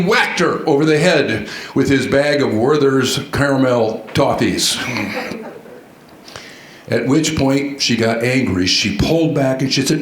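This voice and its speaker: A man giving a storytelling keynote at a conference, animated and quizzing the audience with questions. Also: medium pitch, a little slow. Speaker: conference speaker. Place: large conference hall. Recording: echoey hall sound.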